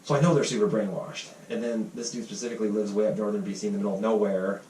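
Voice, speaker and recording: A man hosting a casual podcast, telling a heated story fast, quoting others and swearing freely. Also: lowish voice, fairly even intonation, mellow, slight background noise. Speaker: podcast host. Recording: roomy, distant mic with faint ambience.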